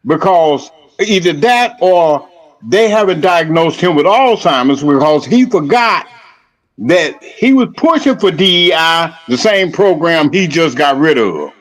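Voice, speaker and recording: A man's voice: a little high, lively intonation, measured pace, fairly bright tone. A man co-hosting a podcast, giving strong opinions in casual chat. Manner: opinionated, uses comparisons. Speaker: podcast co-host.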